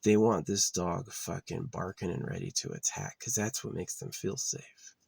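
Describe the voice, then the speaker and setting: Very animated and speaking at a moderate pace, a man with a low, darkish, gravelly and husky voice rambles profanely at his outdoor camp spot. Now and then he drops to a near-whisper, and there's slight background noise.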